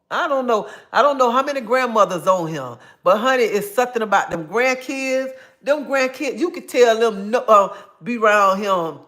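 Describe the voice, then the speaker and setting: A woman's voice: medium pitch, a bit bright. Brief: middle-aged woman, livestream host, emphatic and repetitive, calls everyone honey. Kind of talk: casual livestream chat answering viewers.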